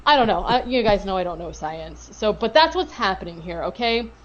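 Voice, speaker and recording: Woman podcast co-host, mid pitch, rambling casual recap, slightly dull lo-fi audio. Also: expressive, a little fast. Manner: rambling, lots of filler words and swearing. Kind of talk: casual chat recapping a TV episode.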